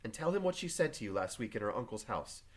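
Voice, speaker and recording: A man voicing Elizabeth Proctor, a reserved farm wife, read quietly and plainly from a play. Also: mid-range voice, very animated, fast talker. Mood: guarded. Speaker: teacher reading a play aloud. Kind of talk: reading play aloud to a class.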